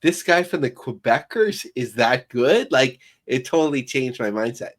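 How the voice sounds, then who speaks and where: A man of middle pitch co-hosting a casual podcast. He asks easygoing questions and works his thoughts out aloud, leaning on fillers as he goes. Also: lively intonation, moderate pace. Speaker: podcast co-host.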